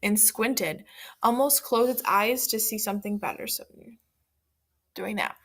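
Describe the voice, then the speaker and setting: A woman's voice: medium pitch, unhurried, a bit bright. A woman teacher leading a second-grade reading lesson, explaining words and reading a story aloud.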